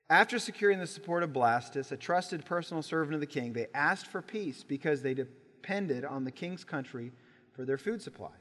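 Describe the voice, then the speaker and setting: A man preaching a sermon in a church, telling a Bible story with lively acted-out voices. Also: fairly high pitch. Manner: animated storytelling, acts out voices in quotes. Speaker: pastor. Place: church sanctuary. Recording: church sanctuary with long reverb.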